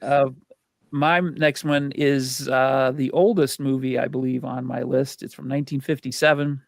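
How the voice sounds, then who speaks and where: A man's voice: mid-range voice, little pitch movement, moderate pace, gravelly, no echo. A man co-hosting a movie podcast, chatting casually with easy chuckles and reading off ratings and facts. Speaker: podcast co-host. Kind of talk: casual chat about movies.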